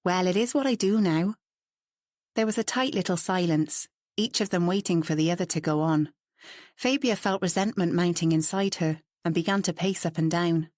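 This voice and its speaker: In a steady, measured manner, a woman reads an audiobook aloud, her voice on the low side. It's a studio-quality recording with no room sound.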